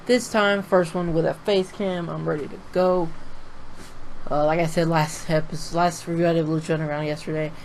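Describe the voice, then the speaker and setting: Excitable young man recapping wrestling. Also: on the high side, brisk, gravelly, a little hiss or hum, poor audio. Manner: excitable, swearing, laughs while retelling. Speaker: wrestling show reviewer. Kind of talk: casual recap with face cam. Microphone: webcam.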